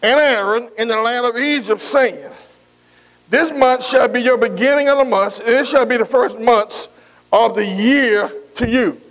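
A male preacher delivering a sermon. He repeats phrases, calls out amen to the congregation and slows down when reading scripture. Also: extremely high pitch, fairly bright tone.

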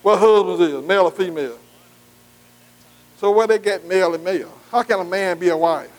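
A man's voice: sits high, fairly quick, rough recording. A man preaching a sermon as pastor, in a call-and-response style that keeps quizzing the congregation and asking "amen". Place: church.

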